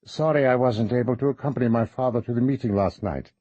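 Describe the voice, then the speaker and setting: A man's voice: medium pitch, quick pace, mellow, dull audio, voice pushed up, lightly acted. A man voicing a polite, salesmanlike man with a vaguely British accent and formal speech. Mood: courteous. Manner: formal, courteous.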